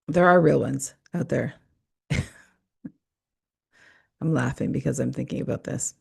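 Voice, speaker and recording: A woman's voice: rumbling low, slow, creaky, long pauses, husky. A woman hosting a podcast in a casual, rambling monologue, swearing and cutting herself off often. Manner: profane, rambling, self-interrupting. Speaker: podcast host.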